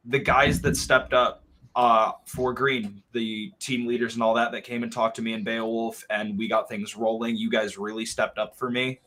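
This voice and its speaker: A man chatting on a livestream, loud, swearing and laughing. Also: lowish voice. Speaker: event organizer. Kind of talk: casual livestream chat.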